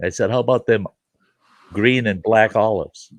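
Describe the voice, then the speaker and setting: In a casual storytelling chat, a male show host laughs his way through folksy tales, voicing the people he quotes. His voice is on the low side and moves at normal speed, with no room sound.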